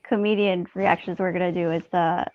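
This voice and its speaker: Soft-spoken woman on a muffled call. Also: on the low side, steady tone, brisk. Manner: quiet, brief agreeing replies. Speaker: guest. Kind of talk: casual live-stream chat.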